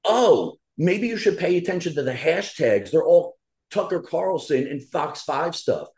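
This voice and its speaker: A man on a casual podcast, ranting hard and swearing freely. His voice sits a little high and swings widely in pitch as he gets worked up. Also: a little slow. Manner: profane, animated ranting. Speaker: podcast co-host.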